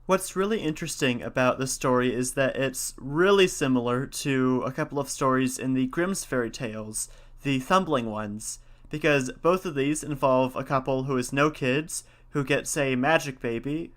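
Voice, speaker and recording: Male podcast host; bright, lively storyteller with a conversational aside. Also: medium pitch, normal speed. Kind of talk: storytelling and casual commentary.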